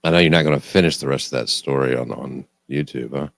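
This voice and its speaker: A man's voice: rumbling low, quick pace, gravelly, dry recording, clean studio sound. A man co-hosting a casual podcast, telling a story in a wry, conversational way and swearing casually.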